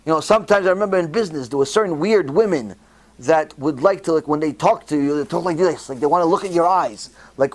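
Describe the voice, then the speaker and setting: A man's voice: a little high, fast. A middle-aged man, a rabbi, giving a sermon and acting out the people he quotes. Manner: animated preacher, acts out quoted speakers.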